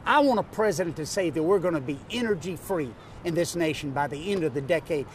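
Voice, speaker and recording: A man in his sixties with a Louisiana Southern accent, a political candidate giving an emphatic campaign pitch in an interview, driving home his points with repeated lists. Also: expressive, fast talker, a little hiss or hum. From North Louisiana, USA. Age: 60s. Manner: emphatic, repetitive rhetorical lists.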